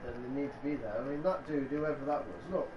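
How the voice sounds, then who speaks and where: A man's voice: medium pitch, fairly even intonation, fast talker, lo-fi sound. Blunt wisecracking man in an echoey room. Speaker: co-commentator. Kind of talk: casual race co-commentary. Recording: roomy, loud background noise.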